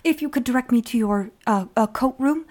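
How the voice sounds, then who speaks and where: A woman's voice: a little high, a little fast, darkish tone, natural voice. A woman voicing a nervous, overly formal male assistant who stammers and over-explains. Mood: flustered.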